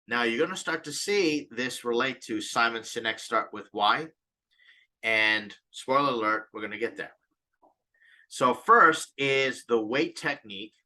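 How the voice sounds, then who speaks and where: A man's voice: medium pitch, slow pace, long pauses, sharp tone. A man who advises startup founders, explaining a decision technique in a coaching way and acting out the questions he asks himself. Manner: coaching, stops to reflect, acts out inner questions. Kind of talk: explaining to camera.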